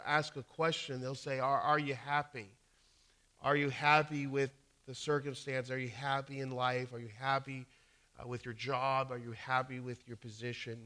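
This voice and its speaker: A man's voice: mid-range voice, fairly bright tone. A male pastor giving a conversational sermon, telling stories with frequent restarts.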